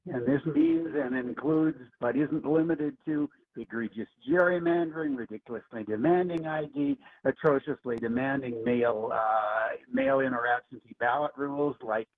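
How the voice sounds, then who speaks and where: A man's voice: mid-range voice, expressive. A male caller heard over a thin, tinny phone line. He hurries through an emphatic list of points, pressing each one hard. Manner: emphatic, listing points, rushed. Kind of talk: call-in comment. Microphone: telephone.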